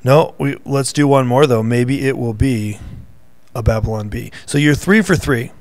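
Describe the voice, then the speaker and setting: A man's voice: medium pitch, moderate pace, no echo. A man co-hosting a casual faith podcast, teasing his co-host and reading news headlines aloud in a playful quiz. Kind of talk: casual chat, quiz game.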